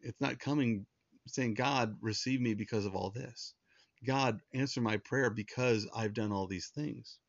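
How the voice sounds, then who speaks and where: A man's voice: mid-range voice, a little slow, creaky, no echo, dull audio. A man preaching a sermon in an earnest, conversational way, often restarting his sentences. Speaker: pastor.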